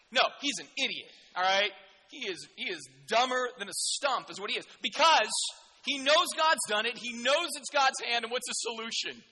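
A male preacher delivering a sermon in an animated, jokey, conversational way. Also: very high-pitched, normal speed, long reverb tail.

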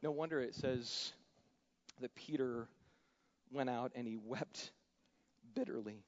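A man preaching a sermon, animated, acting out scripture characters in shifting voices. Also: mid-range voice, takes it slowly. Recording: dull sound with long hall reverb.

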